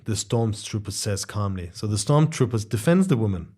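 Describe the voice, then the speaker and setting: A man co-hosting a political discussion, recounting a conversation and acting out the quoted dialogue with lively shifts in voice. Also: fairly quick. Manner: animated, acts out quoted dialogue with shifting pitch. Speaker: podcast co-host.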